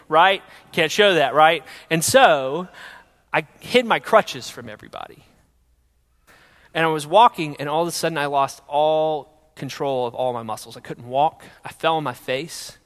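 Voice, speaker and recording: In a large hall, a young man with a slightly high voice tells his personal faith testimony in an earnest storytelling manner. His volume moves from loud to hushed.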